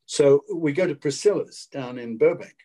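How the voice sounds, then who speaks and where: A man's voice: on the high side, normal speed, slightly rough. A man, a guest actor telling a story casually over a video call and acting out the quotes. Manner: animated, acts out the quotes.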